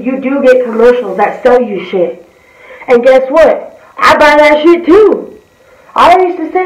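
A woman's voice: high voice, a little mellow, dull audio. A woman giving a blunt, profane, heated reaction commentary as a vlogger. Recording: roomy, distant from the mic.

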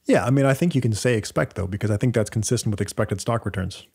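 A man's voice: fairly low pitch, quick pace, vocal fry, darkish tone, breathy edge. A man with a Canadian accent co-hosting a podcast, explaining data step by step in casual chat with frequent fillers and restarts. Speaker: podcast co-host.

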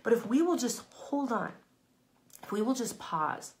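A woman hosting a live stream, giving a casual motivational talk to her audience in an emphatic, candid way, swearing freely and laughing between phrases, swinging between loud, pushed lines and soft, low asides. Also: very animated, unhurried.

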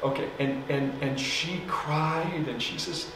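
A man preaching as pastor, telling a story in a loose, conversational way with fillers and soft laughs. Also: fairly high pitch, slow pace, noisy background. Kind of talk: sermon storytelling. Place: church sanctuary. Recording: echoey hall, mic from a distance.

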